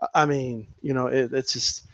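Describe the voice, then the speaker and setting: A man doing a mocking impression of a podcast host, with a lower, hesitant and mumbling voice. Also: steady tone, moderate pace, fairly bright tone, dry recording, natural voice.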